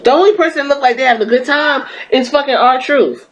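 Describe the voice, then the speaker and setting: A woman's voice: sits high, a little fast, rough recording. A woman hosting a podcast, delivering blunt, profane and exasperated commentary on wrestling. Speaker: podcast host.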